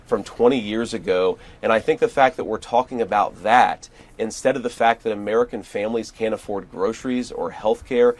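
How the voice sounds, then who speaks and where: A male politician answering an interviewer in a measured, deflecting way. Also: fairly low pitch.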